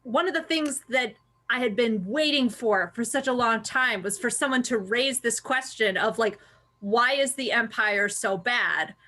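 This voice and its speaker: Female co-host, high and bright, eager and analytical, quick to laugh. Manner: enthusiastic and analytical, laughs often. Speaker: podcast co-host. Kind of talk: casual review discussion.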